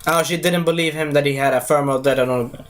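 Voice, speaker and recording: A man's voice: a little high, fairly even intonation, fast, slight background noise. A man giving a casual spoken movie review, rambling, losing his thread and correcting himself as he goes.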